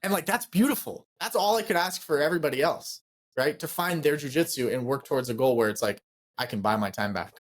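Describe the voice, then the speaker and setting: A man's voice: medium pitch, animated, brisk. A man co-hosting a podcast in a casual, enthusiastic way, repeating phrases for emphasis. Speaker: podcast co-host.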